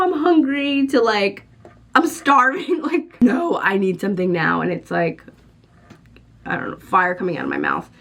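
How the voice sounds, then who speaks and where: A woman in her thirties chatting casually in a pregnancy vlog, animated and laughing often. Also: mid-range voice. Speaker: vlogger.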